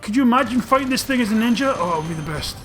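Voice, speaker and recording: A man giving excitable, profane gameplay commentary, often breaking into loud outbursts, over game music. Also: very high voice, racing. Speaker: let's play host.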